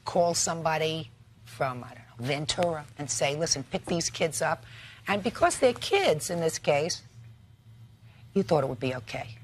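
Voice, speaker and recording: A woman's voice: low-pitched, sing-song, moderate pace. An older woman acting as a TV judge, scolding and sarcastic as she rules on a small-claims case. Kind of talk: courtroom TV ruling.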